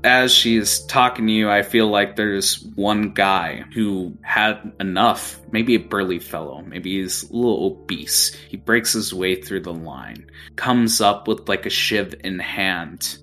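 A man's voice: lowish voice, slow, few pauses, bright, forceful tone, soft background music. A young man acting as game master, narrating a tabletop game in a vivid, casual way. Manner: vivid, casual, gory storytelling.

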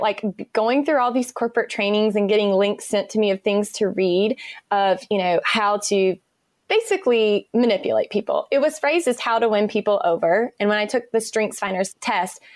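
Podcast guest, woman, animated storyteller, close dry mic. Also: mid-range voice, no echo. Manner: enthusiastic, animated, acts out quotes. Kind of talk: conversational interview storytelling.

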